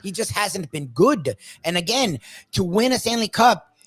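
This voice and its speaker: A man's voice: high-pitched, very animated, a little slow, a bit bright, breathy edge, no echo. Blunt, profane man talking sports. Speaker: sports talk co-host. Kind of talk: casual sports talk.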